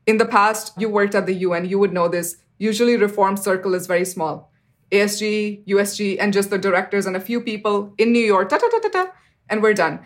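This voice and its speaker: A woman in her thirties, an interview guest, telling a personal story earnestly, with fillers like "you know" and sudden jumps up in pitch when she acts out what people said. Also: fairly even intonation, a little fast. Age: 30s.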